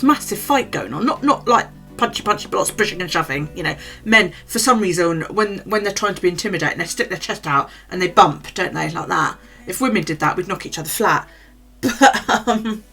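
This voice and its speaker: A woman's voice: on the low side, gravelly, a bit bright. A middle-aged British woman vlogging, telling a gossipy story in casual, chatty talk and swearing freely. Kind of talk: casual chat to camera.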